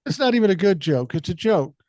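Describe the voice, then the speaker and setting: A man's voice: high voice, expressive, fast, warm tone, no room sound, dull audio. An older man hosting a podcast, talking casually and bluntly with lots of swearing, a bit under the weather with a cold. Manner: blunt, profane, storytelling. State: has a cold. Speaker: podcast host.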